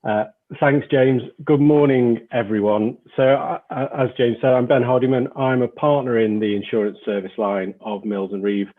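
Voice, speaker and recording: A man with a Northern English accent presents in a webinar as an insurance lawyer, speaking in a measured, explanatory way. His voice is on the low side, and the audio sounds narrow and tinny.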